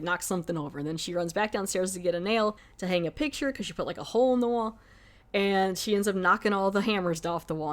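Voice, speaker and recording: A woman hosting a podcast, retelling a horror film plot in a casual, rambling way full of 'like'. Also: medium pitch. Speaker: podcast host. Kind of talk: casual film review chat.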